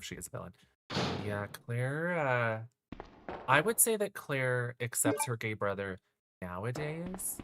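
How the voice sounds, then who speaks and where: A woman's voice: rumbling low, noisy background. A woman livestreaming a horror game, chatting in a campy, sassy way and answering her viewers. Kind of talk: casual livestream commentary.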